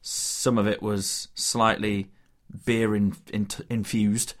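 A man's voice: lowish voice, little pitch movement, takes it slowly. Man co-hosting a football podcast. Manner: brief interjections and wrap-up remarks. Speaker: podcast co-host. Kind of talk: casual chat.

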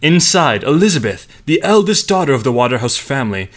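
A man co-hosting a comedy podcast, reading a scripted story with dramatic flair between quick deadpan quips. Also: medium pitch.

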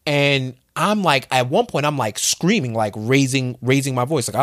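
A man, a podcast guest, telling a story in a casual, animated way with informal slang. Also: medium pitch, moderate pace, no room sound, studio quality.

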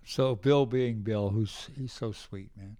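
A man's voice: on the low side, takes it slowly, dark tone. Older man telling rambling stories. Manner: rambling anecdotes acting out quoted voices. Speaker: guest musician. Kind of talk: casual storytelling interview.

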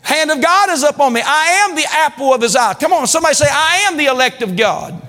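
A pastor with a very high voice preaches to his congregation, drawing call-and-response amens and swelling into shouts. His words ring out with a long reverb through a large church hall. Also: lively intonation, quick pace. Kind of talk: sermon.

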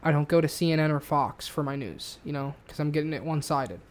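A man's voice: a little high, fast talker. Heated, profane man ranting. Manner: heated, profane, repetitive restarts. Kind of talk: casual ranting chat.

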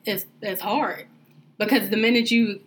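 A woman's voice: medium pitch, steady tone, unhurried. A woman co-hosting a podcast, talking candidly and with frustration in a casual chat. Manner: candid, frustrated venting, laid back. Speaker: podcast co-host.

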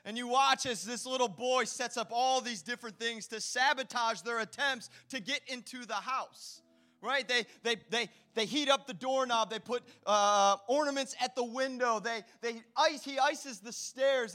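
A man preaching a sermon as pastor, telling animated stories with playful asides to his congregation. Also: very high voice.

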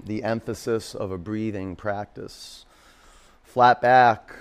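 A man's voice: lowish voice, steady tone, slow pace, clean tone. A man teaching a live yoga class in a studio, giving pose cues and chatting with jokey asides to his students.

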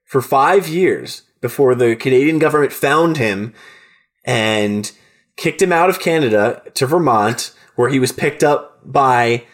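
Male podcast host, middle pitch, loose and profane, rambling delivery. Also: lively intonation, unhurried. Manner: rambling, swearing, lots of restarts. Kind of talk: casual podcast chat.

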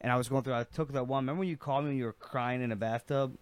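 A man's voice: medium pitch, steady tone, racing, no room sound. A man co-hosting a podcast, telling a profane story in casual chat. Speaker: podcast co-host.

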